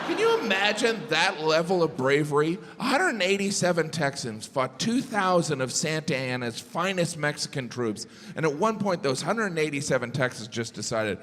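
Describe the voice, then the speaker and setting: A man doing a stand-up comedy routine on a theater stage, deadpan, with mocking asides. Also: fairly high pitch, moderate pace. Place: large theater stage before a live audience. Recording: live hall reverb with audience noise. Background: audience laughter.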